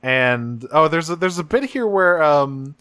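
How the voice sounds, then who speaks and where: A man's voice: on the high side, animated, measured pace, bright, forceful tone, clean tone, no room sound, clean studio sound. A man co-hosting a podcast, recapping an episode in a loose, profane, chatty way full of fillers. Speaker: podcast co-host.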